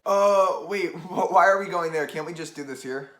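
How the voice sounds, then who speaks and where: A man's voice: fairly high pitch, moderate pace, fairly bright tone, natural voice. A man voicing an awkward, hesitant young man in a student comedy play, stammering often.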